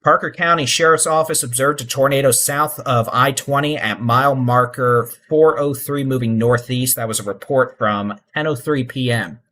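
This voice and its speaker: A middle-aged man, hosting live severe weather coverage in a relaxed, folksy way with urgent safety warnings. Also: mid-range voice, moderate pace, hardly any pauses. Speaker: weather livestream host.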